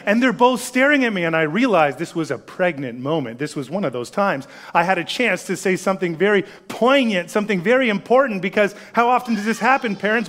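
A man in his thirties preaching a sermon, telling a family story in a conversational way before turning to scripture. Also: high voice. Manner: storytelling, conversational, drops to a hush for solemn lines. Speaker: pastor.

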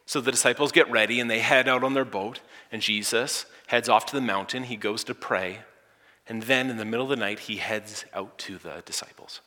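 A male pastor delivers a dramatic sermon in a bright, forceful voice of middle pitch. He drops to near-whispers and then surges to emphatic peaks. His words ring out with a long reverb through a large church hall. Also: brisk. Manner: dramatic, swinging from hushed near-whispers to loud emphatic lines.

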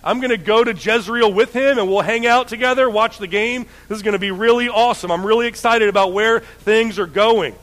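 A man's voice: sits high, fairly quick, few pauses, a bit bright. A man voicing an earnest prophet who speaks in casual modern phrasing. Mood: hopeful. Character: earnest prophet, hopeful then despairing.

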